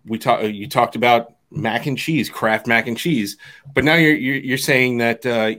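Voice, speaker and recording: A man's voice: mid-range voice, steady tone, unhurried, fairly bright tone. A man co-hosting a podcast in casual chat, joking and asking questions with many restarts.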